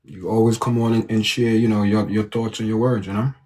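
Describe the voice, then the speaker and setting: A man's voice: fairly low pitch, steady tone, a little fast, darkish tone. A man co-hosting a live-stream panel, talking in a laid-back way with lots of fillers.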